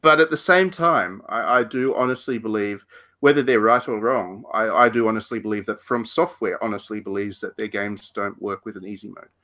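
A man's voice: on the low side, brisk, bright, forceful tone. A man co-hosting a podcast, chatting casually about video games with frequent restarts and laughs. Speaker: podcast co-host. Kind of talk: casual game discussion.

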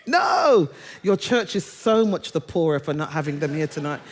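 Lively woman preacher with humor. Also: sits low. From Britain. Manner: humorous, conversational, drawn-out quoted phrases. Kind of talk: sermon.

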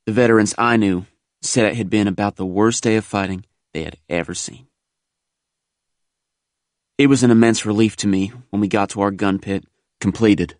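Low-voiced man narrating gravely. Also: no echo, studio quality. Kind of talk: scripted audiobook narration.

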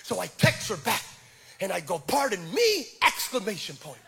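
A middle-aged male pastor preaching with animated, self-deprecating personal stories and frequent stammered restarts. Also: high-pitched, moderate pace, gravelly, slight background noise. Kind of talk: sermon with personal storytelling.

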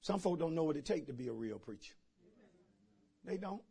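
A male pastor, preaching a sermon in call-and-response style and moving from hushed storytelling to shouting. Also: a little high, animated, moderate pace, creaky, breathy edge.

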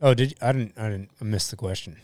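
A man's voice: on the low side, fast talker, dry recording, studio quality. A young adult man, a firefighter and EMT, telling stories casually on a podcast, swearing freely and acting out what people said. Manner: profane, animated, acts out quotes.

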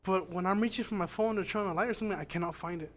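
A man with a high voice tells a spooky story from his childhood in loose podcast chat. He rambles, swears freely and keeps restarting his sentences. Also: rapid-fire, fairly bright tone. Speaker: podcast guest. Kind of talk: casual storytelling.

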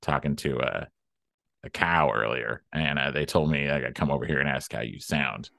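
A man's voice: rumbling low, moderate pace, vocal fry, pushed and bright, no room sound, studio quality. A man performing improv comedy as a flustered, incredulous farmer.

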